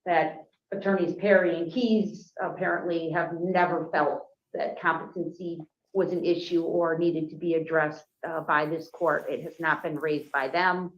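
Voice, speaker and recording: A woman prosecutor arguing formally before a judge, measured and careful, with frequent hesitations. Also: low-pitched, steady tone. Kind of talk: formal courtroom argument. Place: courtroom. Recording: roomy courtroom audio, muffled.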